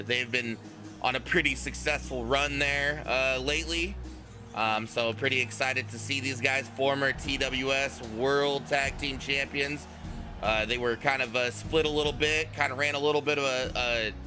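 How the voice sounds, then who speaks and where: This is a man doing play-by-play wrestling commentary at a middling pitch. His voice is bright and clear. He hesitates and restarts his phrases as he goes. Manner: hesitant, many fillers and restarts.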